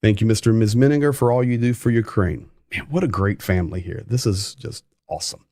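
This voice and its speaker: A man's voice: lowish voice, fast, dark tone, no echo, studio quality. A man hosting a casual livestream, chatting and reading viewer comments aloud with emphasis. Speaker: livestream host.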